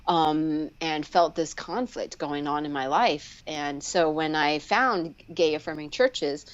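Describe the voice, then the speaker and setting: A woman speech pathologist telling her personal story candidly as a guest in a live online interview, with lots of fillers and restarts, jumping high when she acts out what others said. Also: lo-fi sound. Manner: animated, acts out quoted voices with sharp upward leaps and laughter; frequent fillers and restarts, slows down on heavy moments. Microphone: video call.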